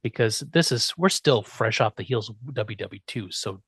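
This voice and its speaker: A man hosts a relaxed podcast chat, his voice jumping around in pitch as he recaps scenes. He laughs often and drops into quick put-on voices for the characters. The sound is dry and close to the mic. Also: breathy edge, no echo. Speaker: podcast host recapping an episode. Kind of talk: casual chat.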